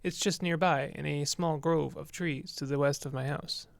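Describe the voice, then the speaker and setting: A man reading aloud the lines of a weary woman farmer in a game, quiet and plain. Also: on the high side, steady tone, moderate pace, gravelly, no echo.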